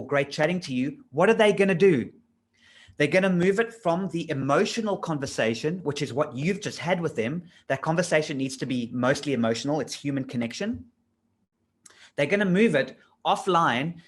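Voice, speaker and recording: A middle-aged man teaches in a relaxed, chatty coaching style. His tone is keen and animated, and he drives home his points with rhetorical questions. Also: a little high. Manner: enthusiastic, conversational, pushes points with rhetorical questions. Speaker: LinkedIn trainer. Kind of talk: casual coaching lesson.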